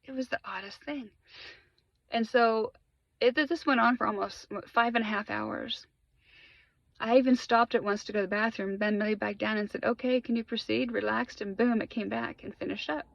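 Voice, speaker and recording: A woman's voice: on the high side, steady tone, moderate pace, gravelly, dry recording. A woman recounting a spiritual awakening in earnest, emphatic testimony, often repeating words for weight. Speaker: spiritual vlogger. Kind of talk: personal testimony. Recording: dry, slightly muffled sound.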